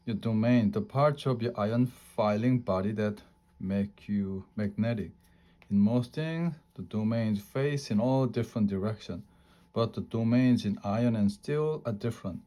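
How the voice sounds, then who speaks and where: A man's voice: on the low side, unhurried, mellow, lightly acted. A man voicing an enthusiastic female science teacher who explains in a classroom lecturing voice, in a read-aloud storybook.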